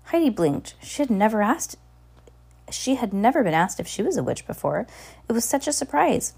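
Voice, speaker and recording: Animated woman reading a children's book. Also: on the high side, moderate pace, creaky, husky. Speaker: storybook reader.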